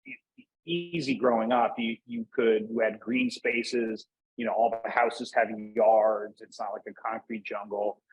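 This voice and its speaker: A man from Northeast Pennsylvania talks as a guest in a relaxed interview. His voice is a little husky, and his sentences wander and restart, padded with fillers. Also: fairly low pitch, rough recording. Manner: rambling, many fillers and restarts. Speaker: podcast guest. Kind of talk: casual interview chat.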